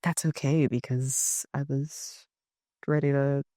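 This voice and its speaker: A woman therapist, a podcast guest, chatting casually and telling animated stories, full of "like" fillers. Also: a bass voice, takes it slowly, no room sound, studio quality. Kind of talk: casual conversational interview.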